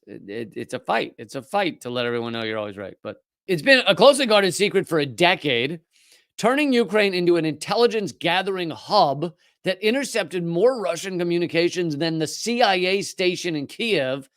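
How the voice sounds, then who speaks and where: A man's voice: a bit bright, clear, resonant tone, no room sound, clean studio sound. A man hosting a political commentary show, talking in a sarcastic, mocking way and reading out news with running asides. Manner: mocking, mimics opponents in whiny high voices.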